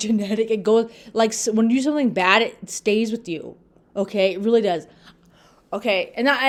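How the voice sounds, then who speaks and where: A woman casually and earnestly retelling Bible stories to her viewers, full of restarts and acted-out quotes. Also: fairly high pitch. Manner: earnest, repetitive, addresses viewers as "you guys"; many restarts and fillers, acts out quoted lines. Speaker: religious video host. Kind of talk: casual Bible talk to camera.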